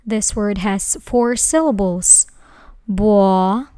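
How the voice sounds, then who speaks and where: A woman teaching a language lesson who speaks slowly and carefully, breaking words into syllables. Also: on the high side, clean tone. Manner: slow, careful, spells out syllables. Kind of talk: slow scripted lesson.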